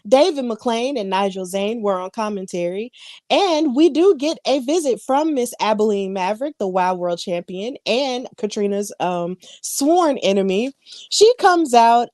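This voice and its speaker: A woman at mid pitch co-hosts a wrestling recap podcast. She talks in a loose, chatty way, full of fillers and asides. Her close mic sounds dry, with no room around it. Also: a little mellow, no room sound. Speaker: podcast co-host. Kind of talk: casual wrestling recap chat.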